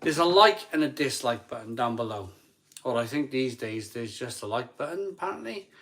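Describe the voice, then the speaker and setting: Bright-voiced excitable male stream host. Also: medium pitch, normal speed, slight background noise. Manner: chatty, excitable, counts likes aloud. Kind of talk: casual live stream chat. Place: home.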